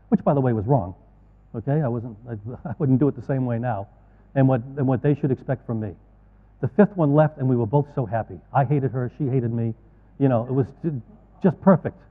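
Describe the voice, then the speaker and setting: A middle-aged man giving a talk to advisors, folksy and earnest, with asides. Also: medium pitch. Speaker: conference speaker. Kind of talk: keynote talk to financial advisors. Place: large conference hall. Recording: tinny, echoey hall audio.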